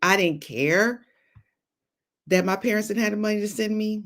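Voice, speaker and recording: A woman's voice: medium pitch, big pitch swings, normal speed. A middle-aged woman hosting a motivational faith talk, exhorting viewers and greeting them by name, with playful asides and frequent laughter. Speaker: host and psychologist.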